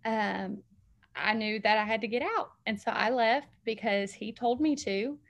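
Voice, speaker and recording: A woman's voice: a little high, a little slow, gravelly, a bit bright. A woman, a guest on an interview show, telling a heartfelt faith testimony in an earnest, emotional way, full of "like" and "um". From Alabama, US. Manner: earnest, emotional storytelling with frequent "like" and "um".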